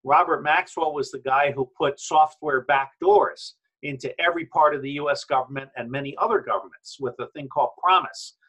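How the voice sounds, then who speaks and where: A man's voice: on the high side, a little fast, few pauses, fairly bright tone, breathy edge, rough recording. A man speaking as a guest in a remote interview, emphatic and combative, rambling from point to point over a video call that breaks up into robotic audio.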